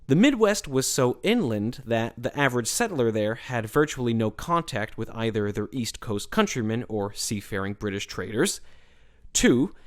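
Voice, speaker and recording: Male host, animated pitch, measured scripted narration for an educational podcast. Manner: measured, explanatory delivery.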